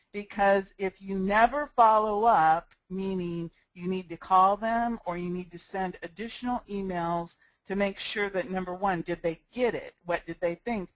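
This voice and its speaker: A woman's voice: fairly low pitch, dry recording, poor audio. A woman giving a step-by-step screencast tutorial into a cheap headset microphone, friendly and practical, talking with a smile. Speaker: sales marketing instructor.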